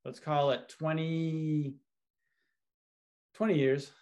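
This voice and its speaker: A man who is a guest triathlete, giving relaxed short answers in a casual interview. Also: fairly high pitch, takes it slowly.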